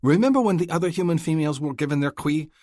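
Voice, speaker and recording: A man's voice: a little high, expressive, fast talker, a little mellow, dry recording, clean studio sound, voice pushed up, close to an everyday voice. A man voicing a hot-headed, stubborn male alien hunter in an audiobook, indignant and protective. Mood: heated.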